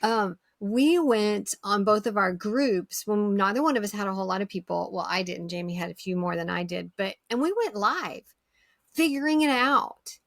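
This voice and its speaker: In a dry, studio-quality recording, a female podcast host with a creaky mid-range voice chats at a moderate pace. Her interviewing style is keen and agreeable, with frequent repetition of her own words.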